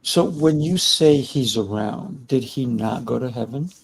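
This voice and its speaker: A man hosting an interview, mostly giving short reactions and asking unhurried questions. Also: medium pitch, lively intonation, gravelly, husky. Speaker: interview host.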